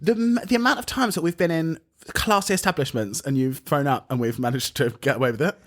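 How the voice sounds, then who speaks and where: A man's voice: fairly high pitch, fast talker. A British man co-hosting a podcast, telling stories in casual chat, laughing often and acting out other people's voices. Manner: animated storyteller, laughs often, acts out voices. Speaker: podcast co-host.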